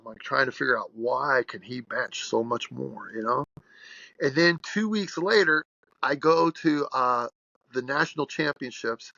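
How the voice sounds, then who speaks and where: A man's voice: mid-range voice, pushed and bright, no room sound, dull audio. A man in his sixties, a strength coach being interviewed, telling stories bluntly and with animation. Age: 60s. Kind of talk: podcast interview storytelling.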